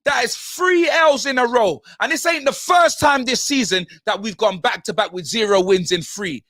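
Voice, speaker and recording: Furious guy ranting about footy, high bright voice, lively, shouting a lot. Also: normal speed, no echo, studio quality. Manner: ranting, shouting, heavy slang. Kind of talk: angry football fan rant.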